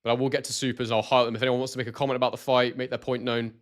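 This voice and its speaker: A young British man from Scotland with a London-like accent, hosting a live boxing stream in casual commentary and reading out chat messages excitedly. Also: medium pitch, very fast. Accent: southern English, London-like.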